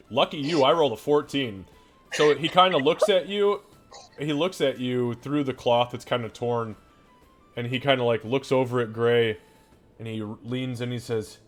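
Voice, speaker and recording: A man's voice: mid-range voice, unhurried, soft background music. A man narrating a tabletop game as game master in a loose, rambling way. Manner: casual, rambling narration with fillers.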